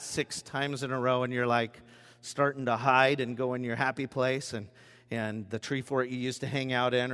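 A man's voice: mid-range voice, fairly bright tone. A man preaching a casual, conversational sermon as pastor, with chatty asides and light jokes. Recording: long reverb of a large hall.

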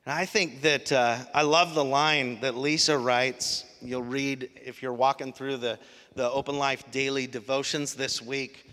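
A man preaching a sermon as pastor, animated, shifting from quiet reflection to loud emphasis. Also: medium pitch, unhurried. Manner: animated, swings from soft to loud. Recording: long hall reverb.

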